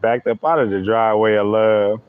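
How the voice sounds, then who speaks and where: A man's voice: fairly low pitch, level tone, normal speed, smooth, dry recording, phone-quality sound. A man using hosts a live stream, chatting playfully with viewers and laughing often. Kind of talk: joking live-stream chat.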